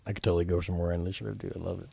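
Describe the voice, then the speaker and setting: A man's voice: low voice, flat delivery, rapid-fire, gravelly, warm tone, breathy edge, dry recording. A young man co-hosting a podcast in casual, profane banter, rambling with lots of filler words. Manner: swears freely, rambling with lots of "like". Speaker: podcast co-host.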